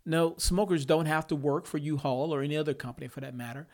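A man's voice: a little high, quick pace. A man hosting a solo opinion podcast, talking in a thoughtful, reflective way and laughing now and then. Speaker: podcast host.

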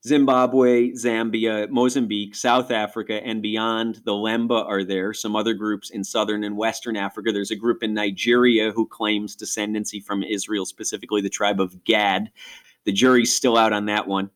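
A middle-aged man from Rochester, New York, talks through a subject in a podcast conversation. His voice sits a little low. He keeps it animated with quick asides as he explains. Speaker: ministry guest speaker.

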